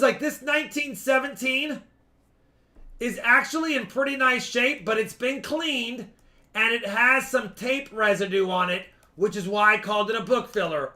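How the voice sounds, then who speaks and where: A man hosting a live-stream coin auction, explaining each lot at length with quick asides. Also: extremely high pitch, pushed and bright. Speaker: coin seller and stream host.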